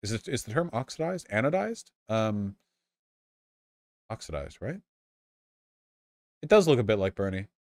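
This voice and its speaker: A man streaming live, chatting casually and excitably with his viewers, swearing freely. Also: lowish voice, moderate pace, long pauses, no room sound, studio quality.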